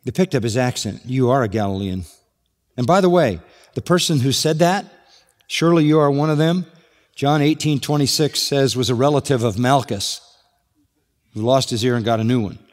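A man preaching as pastor walks through a passage verse by verse, punctuated by rhetorical questions. He speaks at a medium pitch and moderate pace, heard with long hall reverb.

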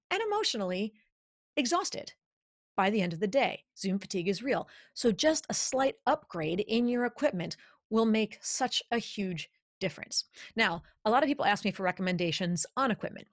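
A woman hosting an instructional podcast as a voice coach, speaking in an energetic, emphatic, demonstrative way into a studio podcast microphone in a home studio. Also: fairly high pitch, dry recording.

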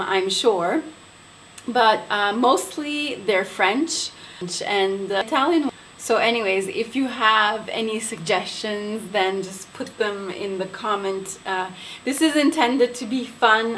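A young woman from Quebec talks to her viewers in a relaxed vlog. She speaks at a slow, unhurried pace with a medium pitch. She pronounces each name with care and elegance, and a faint background hiss sits under her voice. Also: rough recording. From Quebec, Canada. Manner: unhurried, careful, elegant pronunciation. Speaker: beauty vlogger. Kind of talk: casual vlog talk to camera.

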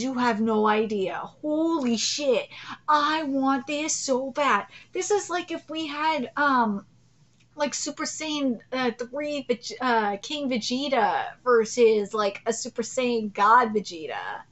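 A woman in her thirties hosting a live reaction video, swinging from loud gasping excitement to low, swearing rants. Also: slow. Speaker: channel host reacting to a manga chapter.

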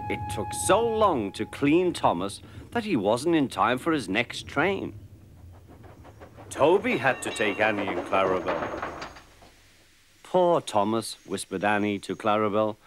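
A man narrating a children's cartoon story in an animated, expressive way. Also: on the low side, unhurried, a little hiss or hum.

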